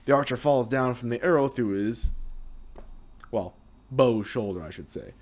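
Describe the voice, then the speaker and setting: A young man casually narrating the story of a video game, with restarts and a lively manner. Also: mid-range voice, normal speed, a little hiss or hum. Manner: lively, hesitant retelling with restarts.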